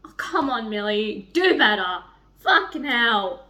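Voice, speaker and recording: A young woman chatting in a casual reading vlog, excitable, rambling and swearing freely as she rants about characters. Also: on the high side, takes it slowly. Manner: rambling, restarts often. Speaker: book vlogger.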